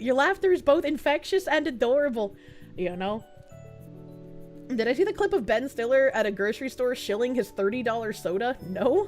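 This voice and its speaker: Woman streamer, high voice, excitable, swears a lot, faint background music. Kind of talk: casual live-stream chat, reading chat messages.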